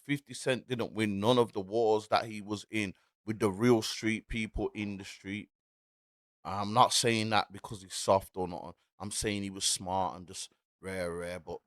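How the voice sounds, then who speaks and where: A man's voice: medium pitch, fairly bright tone, dry recording. Emphatic man with a dry close sound. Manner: emphatic, repeats points, asks "you get me?". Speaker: commentary host. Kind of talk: casual commentary.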